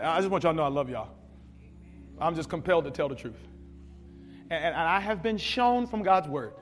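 A man preaching a sermon, telling stories with big shouts and sound effects. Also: high-pitched, big-room sound. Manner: animated storytelling, shouting at peaks, sound effects. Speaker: pastor.

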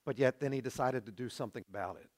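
A pastor preaching a sermon, swinging between loud passionate build-ups and hushed, quiet appeals. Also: male voice, mid-range voice, rapid-fire.

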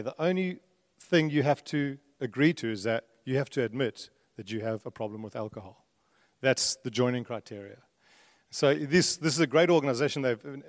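A middle-aged pastor with a South African accent softened by long years in Australia preaches a conversational sermon with joking asides, building intensity as he reads scripture. His voice is medium in pitch. The recording is studio quality but carries the long reverb of a church hall.

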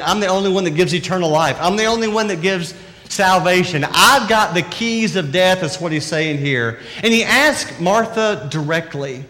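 High-voiced pastor preaching in a hall. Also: male voice, pushed and bright. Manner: conversational, emphatic preaching with rhetorical questions. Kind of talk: sermon. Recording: reverberant hall.

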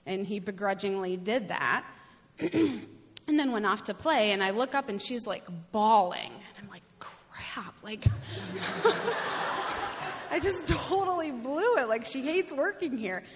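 A woman's voice: fairly high pitch, lively intonation, a little slow, noisy background. A middle-aged woman missionary telling a personal faith story in a casual, chatty way, laughing often and restarting her sentences. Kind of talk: casual testimony. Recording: long hall reverb.

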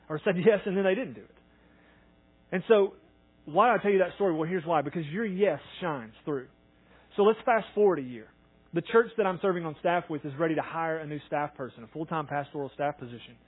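A husky man preaching a sermon with a somewhat high voice. He is an earnest pastor who acts out the voices of people he quotes, swinging from loud to soft. The recording sounds tinny and narrow, like a phone line.

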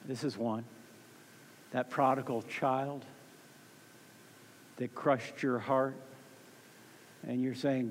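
A man preaching a sermon as pastor, emphatic and fervent, swinging from loud peaks to soft, low passages and often repeating words as he starts a phrase. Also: fairly even intonation, takes it slowly, pauses often, a little hiss or hum. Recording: long hall reverb.

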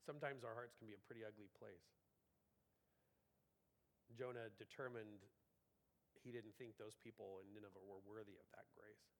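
A man preaching a sermon in an animated, conversational way, acting out the quotes he tells. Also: on the low side, moderate pace, pauses often, in a large hall.

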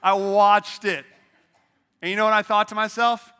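A middle-aged man preaching a sermon from a church stage, casual and lively, leading the congregation in call-and-response. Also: high voice, moderate pace, clean tone. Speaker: pastor.

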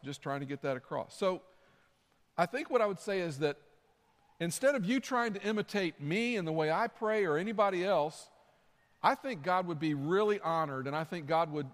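High-voiced man preaching in a hall. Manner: conversational, earnest preaching with repeated phrases. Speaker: pastor. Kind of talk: sermon. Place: church sanctuary.

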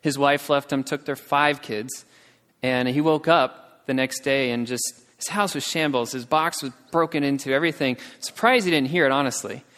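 A man's voice: moderate pace, fairly bright tone. A man telling a missionary story in a sermon, growing emotional and acting out the people he quotes. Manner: emotional storytelling, acts out quotes with raised pitch. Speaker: missionary speaker. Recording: long reverb of a large hall.

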